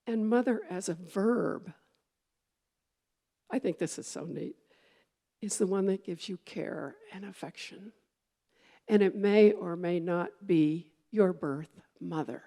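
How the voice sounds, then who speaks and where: Gravelly-voiced woman giving a casual sermon. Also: mid-range voice, dark tone. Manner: conversational and meandering, with fillers and restarts. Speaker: minister.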